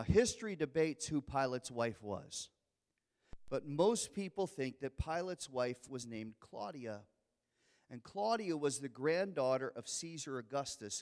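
Preacher man in an echoing hall. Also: medium pitch. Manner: dramatic storytelling, acting out quoted lines. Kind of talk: sermon. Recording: long reverb of a large hall.

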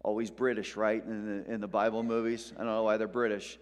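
A man's voice: fairly low pitch, level tone, a little fast. A man preaching a sermon in a church, in a conversational way with joking asides to the congregation. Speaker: pastor. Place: church sanctuary. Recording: long hall reverb.

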